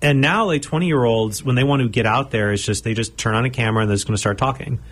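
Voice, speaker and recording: A man who is a guest, earnestly recounting his past in a relaxed chat. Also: mid-range voice, quick pace. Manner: reflective storytelling, earnest. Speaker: guest speaker. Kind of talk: casual chat.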